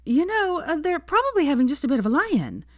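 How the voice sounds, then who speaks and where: Breezy, dismissive young woman, pitched way up; woman reader. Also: very animated, brisk, no room sound, studio quality.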